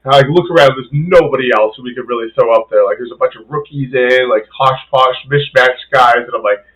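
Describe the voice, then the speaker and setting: A man's voice: medium pitch, fairly quick, a bit bright, rough recording. A young man chatting casually on a podcast, recounting a rugby game as co-host. He swears freely and fills his sentences with "like" and "dude," talking in a loose, rambling way. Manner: casual storytelling, heavy swearing and fillers. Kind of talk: casual chat.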